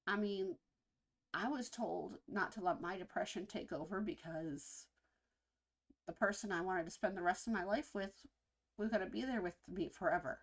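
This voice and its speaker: A woman hosting a reaction video, talking earnestly and reflectively in a casual way, with halting pauses. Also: mid-range voice. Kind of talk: casual spoken reaction commentary.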